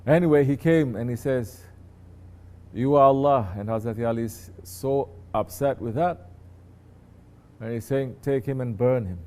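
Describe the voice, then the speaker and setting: A man's voice: mid-range voice, normal speed, dark tone. A man, a sheikh, teaching his disciples in a conversational sermon, often turning to ask listeners if they understand.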